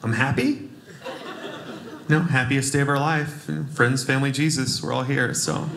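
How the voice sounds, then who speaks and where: A man's voice: medium pitch, steady tone, moderate pace, fairly bright tone, a little hiss or hum. A man from Cleveland telling a wry, self-deprecating story in a stand-up set. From Cleveland, USA. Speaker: stand-up comedian. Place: comedy stage before a live audience. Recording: echoey room with audience laughter.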